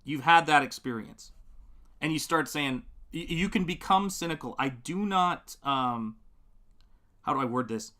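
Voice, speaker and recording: Unhurried yet expressive, this middle-aged man's voice is high-leaning, bright and forceful as he hosts a live painting stream. He rambles warmly while he works, responding to viewer comments and often breaking into laughter.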